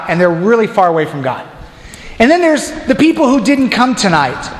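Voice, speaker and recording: A man preaching a storytelling sermon as a deacon, animated and acting out crowd voices. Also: high-pitched, normal speed, echoey room, in a large hall. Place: church.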